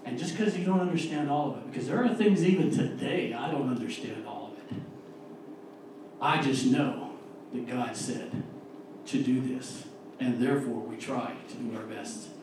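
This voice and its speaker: A man preaching an earnest, emphatic sermon and reading scripture, slowing down to stress key words, recorded from a distance in a church. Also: mid-range voice, very echoey, noisy background. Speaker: lay preacher. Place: church sanctuary.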